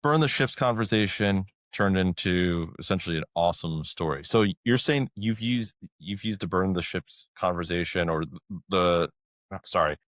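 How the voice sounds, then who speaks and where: A man's voice: low-pitched, normal speed, a bit bright, no room sound. A man hosting a podcast and recapping his guests' story in a loose, conversational way. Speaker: podcast host. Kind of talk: interview questions.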